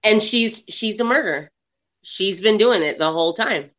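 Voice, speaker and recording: A woman talks casually about a film she just watched. Her voice is bright and sharp. She retells scenes with animation and slips into quoting the characters. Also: mid-range voice, expressive, normal speed. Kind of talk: casual movie review chat.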